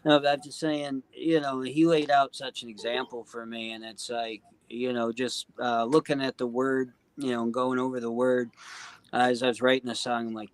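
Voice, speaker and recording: A man's voice: mid-range voice, flat delivery, moderate pace, clear, resonant tone, no room sound. Earnest man, heartfelt and rambling. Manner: earnest, heartfelt, full of "you know" and "um". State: choked up. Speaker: guest singer-songwriter. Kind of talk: casual interview talk.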